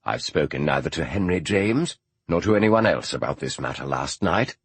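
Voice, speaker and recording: A man doing a cool, low-voiced detective. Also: animated, husky, no echo, heavily acted. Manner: cool and measured. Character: cool, reserved male detective, measured.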